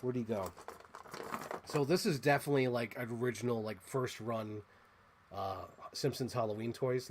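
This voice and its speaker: A man hosting a casual toy unboxing, chatty and excitable as he gushes over what he shows. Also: medium pitch, slight background noise. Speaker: host.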